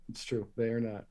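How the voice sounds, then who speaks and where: A man's voice: medium pitch, fairly bright tone. A man co-hosting a podcast, talking casually and hesitantly with fillers. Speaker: podcast co-host. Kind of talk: casual chat.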